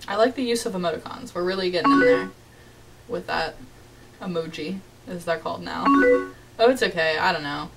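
A woman's voice: lowish voice, normal speed, creaky, recorded from a distance, loud music behind the voice. A young woman chatting casually through a let's-play of a game from her bedroom, reading chat messages aloud with a giggly, playfully dramatic manner. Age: young adult. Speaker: gaming YouTuber. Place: home bedroom.

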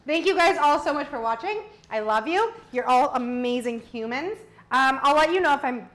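A young woman hosts a live cooking stream in a relaxed, chatty way, teasing and laughing as she eats. Her voice sits a little high for a woman. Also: moderate pace. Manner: playful, laughs often, teasing. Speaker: cooking show host. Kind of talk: casual live-stream chat.

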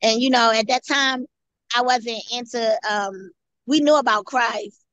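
A woman guest tells her own story in an earnest, halting way, looping back over phrases as she goes. Her voice sits a little high, and the recording is dry with no room sound. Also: fairly even intonation, a bit bright, no room sound. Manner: halting, repeats and restarts phrases. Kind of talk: personal testimony.

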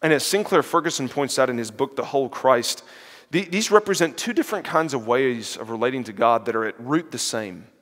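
A man giving an animated sermon-style lecture, retelling a parable and voicing its characters, with fillers and restarts. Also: medium pitch, a little fast. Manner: animated, acts out the parable's characters in quoted voices. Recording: long hall reverb.

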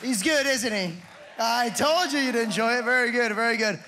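A man's voice: extremely high pitch, moderate pace, pushed and bright, faint music behind. A man working as a cruise director, announcing upcoming events from the stage in an upbeat presenter's manner. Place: cruise ship theater.

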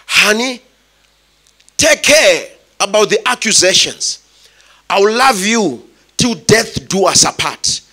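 Joseph, an anxious young fiancé, pleads in an animated, high, bright voice, acted out by a male preacher. He speaks slowly and earnestly, defending the woman he loves. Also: heavily acted. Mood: tender.

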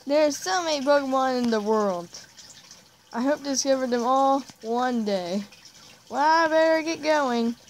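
Casting: woman voicing a keen boy adventurer, higher voice, faint hiss behind. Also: measured pace. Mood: eager. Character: eager boy hero setting out on adventure.

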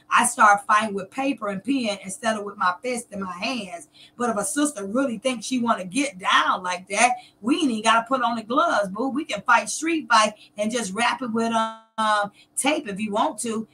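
A woman's voice: fairly high pitch, bright, forceful tone, slight background noise. A middle-aged woman from Georgia, ranting to camera in a confrontational, taunting way. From Columbus, Georgia, US. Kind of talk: direct-to-camera rant.

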